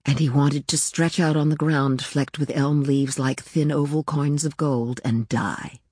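A woman narrating a literary novel in a measured, unhurried reading. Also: low-pitched, fairly even intonation, a little mellow, breathy edge, no echo, studio quality. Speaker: audiobook narrator.

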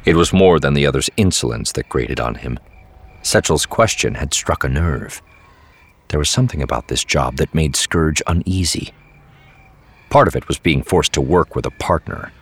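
A man narrates an audiobook in a measured, even storytelling style. His voice is very deep with a breathy edge.

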